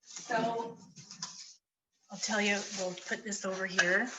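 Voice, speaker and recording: A woman's voice: medium pitch, fairly even intonation, slow, noisy background. A woman from Canada giving a casual cooking demonstration in a community kitchen, chatty and enthusiastic as she tells stories.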